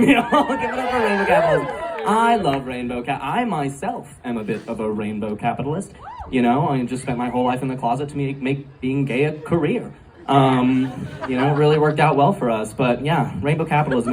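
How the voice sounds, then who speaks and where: A man performs a stand-up set in a live club, chatting with lots of fillers and laughing at his own jokes. His voice is mid-range with a darkish tone. He's recorded from a distance amid audience laughter and club ambience.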